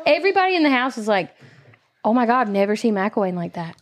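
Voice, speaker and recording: A woman musician on a casual podcast, telling a story with loud acted-out quotes and lively swearing. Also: fairly high pitch, quick pace.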